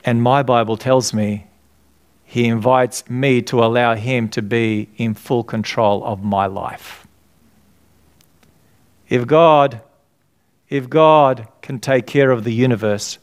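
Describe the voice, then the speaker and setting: A middle-aged pastor speaks slowly in a mid-range voice as he preaches. Earnest and conversational, he repeatedly asks questions that the congregation fills in for him.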